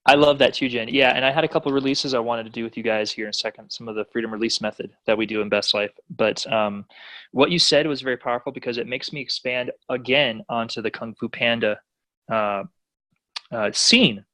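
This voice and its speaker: A man's voice: medium pitch, brisk, sharp tone, no room sound, rough recording. A man leading a personal growth class, enthusiastic and encouraging, affirming what others say. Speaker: class leader.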